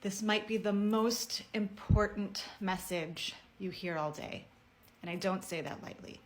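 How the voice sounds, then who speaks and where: Speaking earnestly to camera at a measured pace, a woman with a medium-pitched voice tells a personal story in a heartfelt message.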